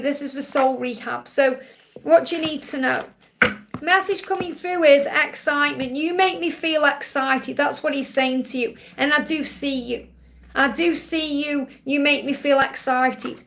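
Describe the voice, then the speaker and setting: A woman's voice: high voice, gravelly, a bit bright. A middle-aged woman reading tarot cards on a live stream, reassuring viewers as she reads out their messages and explains what the cards say. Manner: reassuring, reads messages aloud then interprets. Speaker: tarot card reader answering viewer questions.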